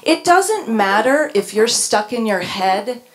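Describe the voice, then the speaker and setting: A woman's voice: on the high side, very animated, slow pace. A middle-aged woman reading a candid personal essay on stage, wry and dryly humorous. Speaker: speaker sharing a personal story. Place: stage before a live audience.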